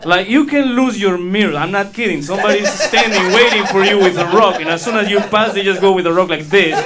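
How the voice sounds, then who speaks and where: A man's voice: high-pitched, fairly quick, over a noisy crowd. A man from Peru with a Spanish accent performing a crude, rambling stand-up set. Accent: Peruvian Spanish. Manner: crude, rambling, self-mocking. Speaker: stand-up comedian.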